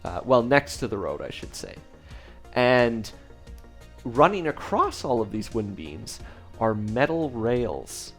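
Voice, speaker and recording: A man's voice: mid-range voice, sing-song, slow, soft background music. A man narrating a tabletop game as game master, describing scenes with many hesitations.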